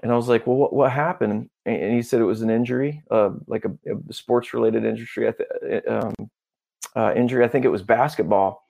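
A man as a podcast guest, telling a story in a casual, animated way and acting out the dialogue. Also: medium pitch, fairly quick, gravelly. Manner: animated, acts out dialogue, peppers talk with "bro" and "dude".

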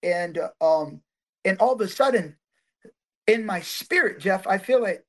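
High-voiced man telling healing stories. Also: a little slow. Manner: animated testimony, frequent fillers and restarts. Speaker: guest minister. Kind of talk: storytelling in a podcast interview.

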